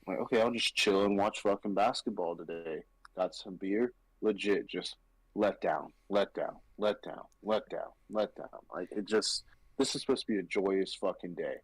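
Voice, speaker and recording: A man's voice: low-pitched, moderate pace, husky, no room sound, poor audio. A young man co-hosting a casual sports podcast, venting about losing bets with lots of swearing. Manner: frustrated venting, swears freely. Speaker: podcast co-host.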